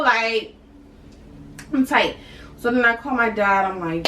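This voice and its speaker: A young woman vlogger telling a personal story in casual, animated, slang-heavy chat, talking to her viewers. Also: on the high side, unhurried, far from the mic. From Boston area. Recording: roomy, from off the mic, faint hiss.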